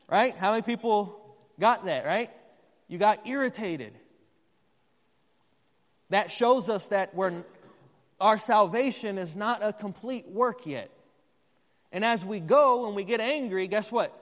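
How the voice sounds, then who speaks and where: Conversational male preacher with a high voice, recorded with long hall reverb in a church. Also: a little slow, pauses often. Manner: conversational, asks the congregation questions. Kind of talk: sermon.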